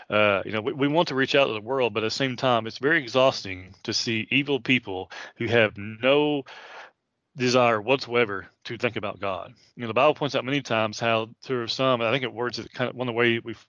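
A man in his late thirties teaches a Bible passage with a preacher's earnest, chatty delivery. His voice sits at a middle pitch, close and dry, on a slightly dull lo-fi recording. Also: fairly bright tone, no echo. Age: 30s. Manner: casual and earnest, many fillers and restarts.

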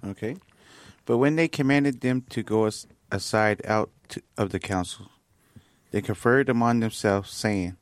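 A man reading a Bible passage aloud in a careful, slightly halting way. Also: lowish voice, no echo, clean studio sound. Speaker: Bible study participant reading scripture.

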